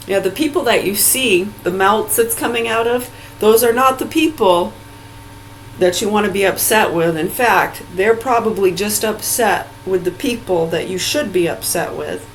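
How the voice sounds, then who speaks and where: A woman's voice: medium pitch, slight background noise, rough recording. Swearing, ranting woman in her forties. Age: 40s. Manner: heated, swearing, rambling. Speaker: vlogger. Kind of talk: profane angry rant.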